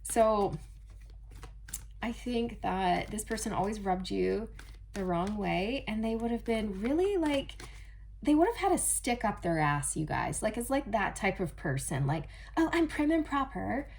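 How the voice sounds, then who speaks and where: A woman's voice: medium pitch, unhurried, vocal fry, slight background noise. Chatty woman doing a tarot reading. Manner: chatty, animated, addresses viewers as "you guys". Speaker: tarot reader. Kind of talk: casual channeled tarot reading.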